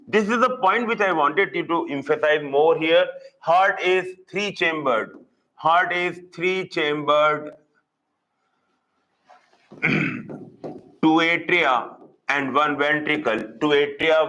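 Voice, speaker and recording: Indian guy teaching zoology online, says stuff over and over, kinda higher voice. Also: bright, forceful tone, low-quality recording. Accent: Indian English. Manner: repetitive, drilling key terms slowly. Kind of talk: live online lecture.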